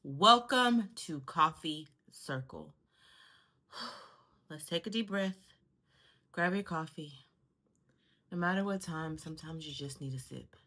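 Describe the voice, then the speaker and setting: A middle-aged woman hosting her own vlog, telling a story calmly with sighs and self-soothing asides. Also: sits low, slow, long pauses. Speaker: vlog host. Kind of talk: reflective casual storytelling.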